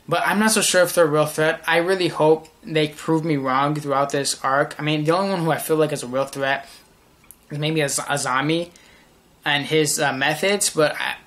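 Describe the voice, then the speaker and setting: A man's voice: fairly high pitch, fairly bright tone. A young man casually reviewing a manga chapter, rambling and enthusiastic, often restarting his sentences.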